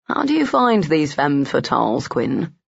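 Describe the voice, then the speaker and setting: A man reading a wary, earnest young gentleman. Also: a little high, wildly swooping pitch, a little slow, vocal fry, breathy edge, heavily acted. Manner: cautious, earnest. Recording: dull lo-fi dry audio.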